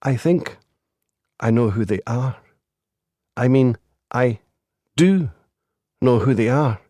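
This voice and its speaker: A man's voice: medium pitch, moderate pace, darkish tone, dry recording, voice pushed up, lightly acted. A man narrating an audiobook voices a nervous young woman calling the police, speaking tentatively and brittly.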